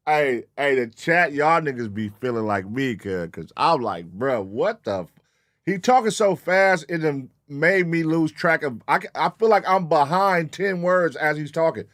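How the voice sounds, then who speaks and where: A man hosting a live reaction stream, talking in loud, profane, joking banter with his chat. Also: fairly high pitch, expressive, moderate pace, hardly any pauses, no echo, studio quality. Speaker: reaction show host.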